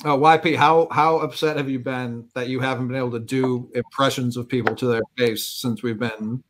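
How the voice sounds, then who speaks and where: A man's voice: mid-range voice, fairly even intonation, moderate pace, background noise. Joking man in casual podcast chat. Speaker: podcast co-host. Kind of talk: casual chat over remote call.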